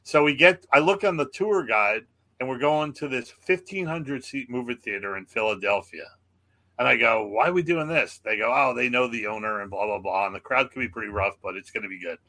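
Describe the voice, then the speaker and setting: A man's voice: mid-range voice, brisk. A man, a comedian, telling a backstage story in casual chat, acting out the voices of the people in it. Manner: animated, acts out quoted voices.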